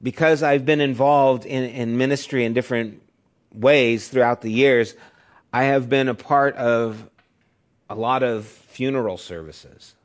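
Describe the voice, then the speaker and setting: A man's voice: mid-range voice, a little slow. A middle-aged man who is a pastor, giving a sermon in a conversational, storytelling way. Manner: conversational storytelling, acts out quotes in raised voice.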